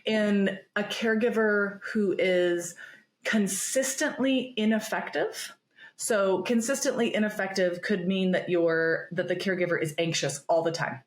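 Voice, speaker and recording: A woman's voice: mid-range voice, steady tone, normal speed, few pauses. A woman therapist, a podcast guest, explaining in an earnest, emphatic, conversational way. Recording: roomy echo.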